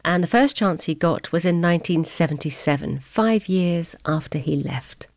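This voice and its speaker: A woman narrates a radio documentary in a composed, scripted delivery. Her voice sits a little low, and the studio sound is dry and close. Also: moderate pace, darkish tone, no room sound.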